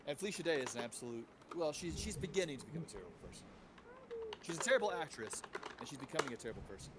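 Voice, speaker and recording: Man, high voice, wildly swooping pitch, blunt wry livestream banter. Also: sing-song, racing, heavy background noise. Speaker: livestream co-host. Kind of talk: casual group chat on a livestream.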